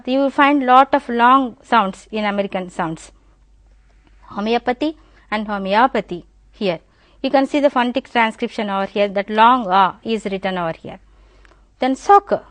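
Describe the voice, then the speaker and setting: A woman's voice: a little high, no echo. Woman teacher drilling word pronunciations. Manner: slow drilling repetition of words; addresses students directly, explanatory. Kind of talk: classroom pronunciation lesson.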